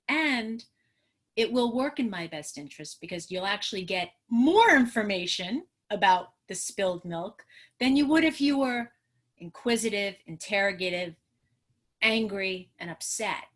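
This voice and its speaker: A woman's voice: mid-range voice, animated, measured pace, a bit bright. A middle-aged woman from New York, a trauma therapist, giving an earnest teaching talk on a video call. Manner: earnest, teaching, talks with her hands. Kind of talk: educational webinar talk.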